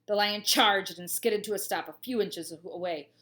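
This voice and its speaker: A woman, a teacher, reading a children's storybook aloud with expressive voices and gushing asides. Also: mid-range voice, normal speed.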